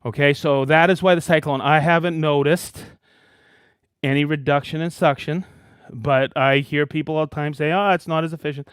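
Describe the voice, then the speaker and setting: A man hosting a live stream in a casual, excited way, calling out viewers by name and hometown. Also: a little high, moderate pace, smooth, no echo, studio quality. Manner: excited, animated, reading viewer shout-outs. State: worked up and dusty after a demo. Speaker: host of a live product show.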